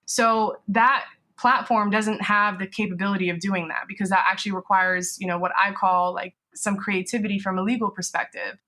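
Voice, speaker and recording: Bright-voiced woman lawyer explaining. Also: medium pitch, fairly even intonation, moderate pace. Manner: explanatory, frequent "you know" and "right?". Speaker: business lawyer guest. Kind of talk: conversational podcast interview.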